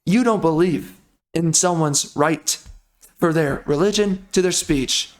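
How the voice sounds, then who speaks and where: A man's voice: a little high, unhurried. A man doing gameplay commentary who rants angrily and profanely, repeating insults. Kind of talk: angry let's-play commentary.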